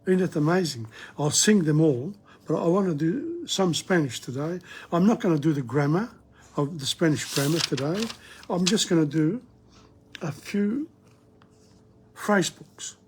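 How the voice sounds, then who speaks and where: A man's voice: fairly high pitch, expressive, unhurried, a little mellow, slightly rough. A man teaching a casual video language lesson, rambling a little and repeating each phrase aloud for practice.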